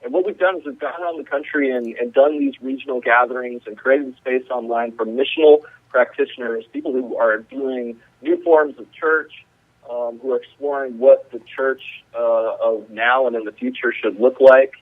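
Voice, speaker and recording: A man from the Charlotte area calling in as a radio guest, earnest and filling his pauses with ums and uhs. His voice is of ordinary pitch for a man. The line is narrow and phone-like, and completely dry. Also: steady tone, no room sound. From Charlotte, North Carolina area. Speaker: guest, community organizer.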